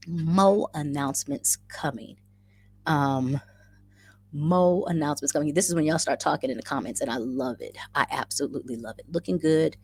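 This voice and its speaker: A woman's voice: sits low, moderate pace, slightly rough, no echo. A woman hosting a casual livestream, effusively greeting viewers by name and chatting through the comments, often repeating her phrases. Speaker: livestream host.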